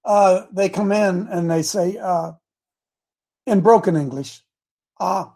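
A man hosting an online group talks through a long, rambling story and keeps restarting his sentences. His voice is high for a man, with a gravelly and husky edge. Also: takes it slowly, pauses often, dark tone. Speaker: host.

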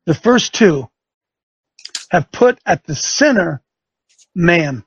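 Fiery sarcastic preaching man, gravelly high voice. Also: big pitch swings, slow pace, pauses often, no echo, muffled recording. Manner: fiery, sarcastic, rising to shouts. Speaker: talk show host. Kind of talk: preaching radio talk.

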